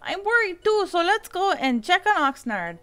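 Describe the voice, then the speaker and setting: Woman doing a very high, gentle girl hamster. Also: very animated, normal speed, exaggerated voice. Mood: reassuring. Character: kind young female hamster, caring. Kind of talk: reading video game dialogue aloud.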